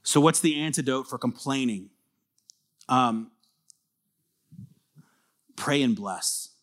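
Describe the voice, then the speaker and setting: In a slow, mid-range voice, a man preaches as pastor, earnest and conversational. He moves back and forth between emphatic bursts and gentle, confiding remarks.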